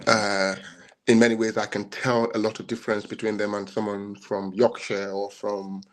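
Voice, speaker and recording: A man's voice: fairly low pitch, level tone, moderate pace. A man, co-hosting a podcast debate and talking in long, rambling turns full of restarts. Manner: rambling, many restarts and fillers. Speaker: podcast co-host. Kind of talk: casual debate chat.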